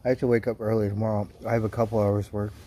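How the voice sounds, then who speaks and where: A man's voice: on the low side, flat delivery, racing, mellow, a little hiss or hum. A man casually chatting with his stream viewers, telling rambling, profane stories. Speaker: livestream host.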